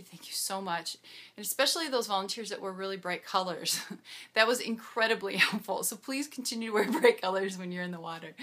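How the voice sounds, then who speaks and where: A woman's voice: mid-range voice, sharp tone. A woman triathlete vlogging a casual, bubbly recap, laughing often as she chats.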